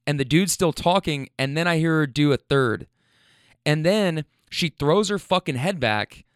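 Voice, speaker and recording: A young man telling a rideshare story in a casual, animated way, swearing a lot and restarting his sentences. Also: on the high side, dry recording, clean studio sound. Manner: animated, profane, rambling with restarts.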